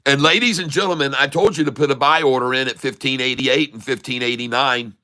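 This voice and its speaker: An older man giving live stock-market commentary on a stream, excitable, boastful and jokey. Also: medium pitch, a little fast.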